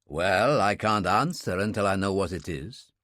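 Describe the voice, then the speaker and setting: Male narrator as a guarded hard man, low measured delivery, dry close mic. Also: expressive, a bit bright, no echo. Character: calm, guarded, hardened man.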